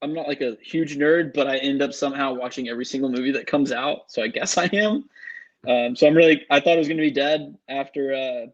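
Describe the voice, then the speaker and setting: A young man co-hosting a sports podcast, excitable and rambling, full of "like" and "um". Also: mid-range voice, brisk. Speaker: podcast co-host. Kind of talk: casual sports podcast chat. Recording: dull lo-fi mic.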